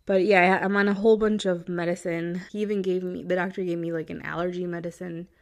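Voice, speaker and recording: A woman's voice: lowish voice, level tone, quick pace. Stuffy-nosed young woman, chatty host. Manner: chatty, laughs often, mixes in Spanish words. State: stuffy nose from a sinus infection. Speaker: podcast host. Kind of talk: casual chat.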